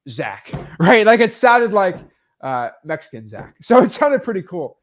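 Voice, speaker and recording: A man with a fairly high voice walks people through a sales method in a loose, casual teaching style. He talks with energy and emphasis, leaning on lots of "like" and "um" as he goes. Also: sing-song, normal speed. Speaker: real estate wholesaling coach.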